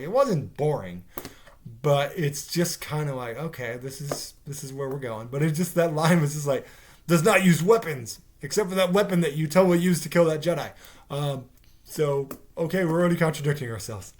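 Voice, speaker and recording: A man's voice: mid-range voice, a little hiss or hum. A man giving a casual spoken review of a TV episode, rambling and sarcastic, with fillers and swearing. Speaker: TV show reviewer.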